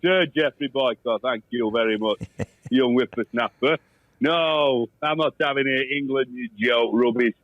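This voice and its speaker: A man's voice: medium pitch, measured pace, no room sound, lo-fi sound, close to an everyday voice. A man doing an impression of a pompous, grumpy older male cricket pundit who talks in a haughty, dismissive way. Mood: scornful.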